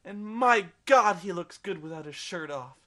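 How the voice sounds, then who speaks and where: A man voicing a melodramatic, lovestruck young woman in a shrill, pleading falsetto. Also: animated, normal speed, sharp tone.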